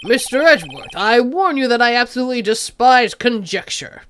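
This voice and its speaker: A woman's voice: fairly high pitch, big pitch swings, normal speed, a bit bright, no room sound, clean studio sound. A woman voicing a fussy older male judge with a Canadian accent, in a game playthrough. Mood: stern.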